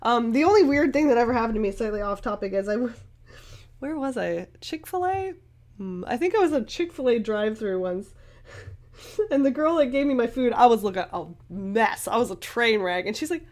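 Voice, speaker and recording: A woman's voice: fairly high pitch, expressive, brisk, a little mellow. A woman artist chatting casually while she paints, rambling and giggly with lots of fillers. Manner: rambling and chatty, with many fillers and frequent laughs. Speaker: artist and YouTube host.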